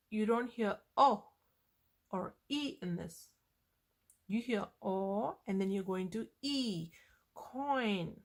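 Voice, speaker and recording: A woman teaching a phonics lesson on vowel sounds, explaining patiently and repeating the key points. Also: fairly high pitch.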